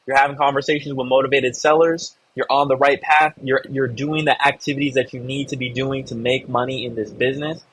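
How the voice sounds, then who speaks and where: A man's voice: mid-range voice, steady tone, a little fast, hardly any pauses, fairly bright tone, husky, poor audio. A man hosting a live online real estate meeting, coaching a member and encouraging the audience. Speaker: host of a real estate investor community call.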